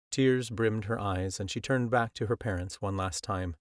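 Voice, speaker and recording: A man narrating a first-person audiobook in a measured, earnest storytelling manner, close to the mic. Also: on the low side, no room sound. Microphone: close studio mic.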